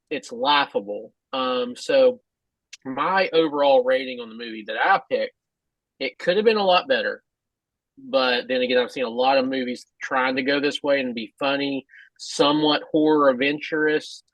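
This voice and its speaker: A man co-hosting a podcast who talks in a halting, hesitant way with many restarts. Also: medium pitch, creaky, a bit bright, no room sound, rough recording. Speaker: podcast co-host. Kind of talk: casual podcast chat.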